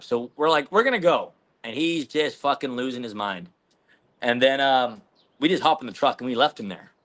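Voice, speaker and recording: A man's voice: mid-range voice, a bit bright. A man, a podcast guest telling a rambling, profane story in casual chat. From Canada.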